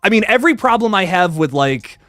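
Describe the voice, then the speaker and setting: Young man, live-stream host, casual excited chat, high voice, very lively pitch. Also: brisk, dry recording, faint music behind. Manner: excitable, swears, greets chatters by name. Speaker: livestream host reviewing films.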